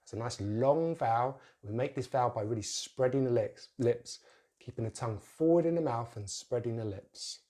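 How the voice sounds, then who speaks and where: A man with a British accent teaching English pronunciation, repeating words slowly and clearly with exaggerated vowels. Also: mid-range voice, mellow. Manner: slow, exaggerated word drills. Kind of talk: pronunciation lesson.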